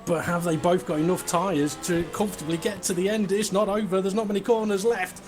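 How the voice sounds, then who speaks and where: A man's voice: high-pitched, fairly even intonation, a little fast, over music. A young man co-commentating a sim race, chatty, joking and enthusiastic.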